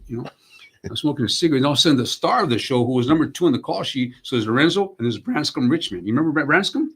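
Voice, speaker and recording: A gravelly, husky man in his sixties talks fast in a casual interview. He is streetwise and blunt, swears freely, and keeps calling his listeners bro and man. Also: medium pitch, animated. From United States. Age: 60s. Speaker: actor and comedian guest.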